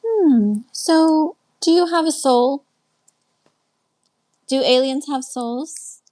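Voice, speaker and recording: A woman with a Texan accent and a fairly high voice hosts a relaxed live stream. She chats along easily, welcoming each viewer by name and answering their comments. She speaks into a webcam and sounds a little tired, like she is winding down for the night. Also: drawn-out words. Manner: chatty, greets viewers and answers comments aloud. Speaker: live stream host and life coach. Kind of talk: casual live stream chat.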